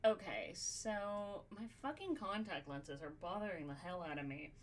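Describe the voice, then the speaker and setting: A woman's voice: fairly low pitch, expressive, moderate pace. A woman hosting a podcast, brainstorming in casual chat, swearing freely and thinking aloud with lots of fillers. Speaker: podcast host.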